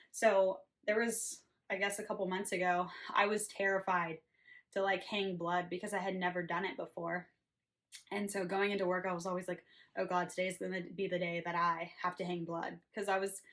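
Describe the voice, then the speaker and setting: A woman's voice: on the low side, a bit bright. Nurse lady chatting about work, earnest, lots of ums and restarts. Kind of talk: casual storytelling to camera.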